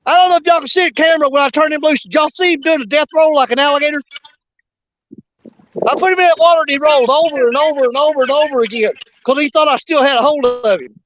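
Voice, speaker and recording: A man hosting a fishing show outdoors, talking in an excited, breathless, rambling way. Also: very high voice, fast, noisy background. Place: outdoors by a river.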